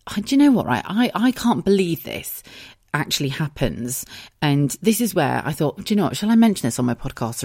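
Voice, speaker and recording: A woman's voice: a bass voice, darkish tone, no echo, clean studio sound. An English woman in her thirties hosting a casual solo podcast, chatty and giggly, swearing freely. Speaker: podcast host.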